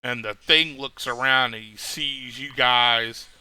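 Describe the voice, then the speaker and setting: A man's voice: medium pitch, fairly even intonation, slow, bright, forceful tone, clear, resonant tone. A man narrating as game master of a tabletop game, rambling, with many fillers and restarts.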